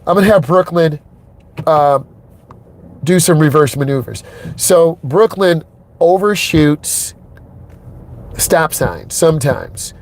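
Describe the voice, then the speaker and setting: A man's voice: a little high, animated, takes it slowly, pauses often, a little hiss or hum. Emphatic man narrating while driving. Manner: emphatic, repeats himself, talks straight to viewers. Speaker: driving instructor. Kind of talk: narrating a driving lesson from behind the wheel. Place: inside a car on city streets.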